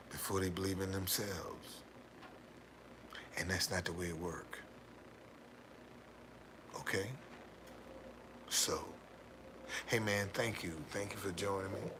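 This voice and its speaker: The background is noisy as this low-voiced American livestream host rambles through a story for his audience. He keeps repeating words and laughing heartily.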